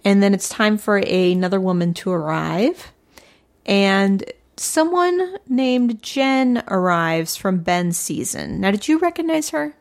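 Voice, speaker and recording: A woman's voice: mid-range voice, animated, slow pace, gravelly. A woman co-hosting a podcast, recapping episodes in casual chat and laughing often. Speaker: podcast co-host.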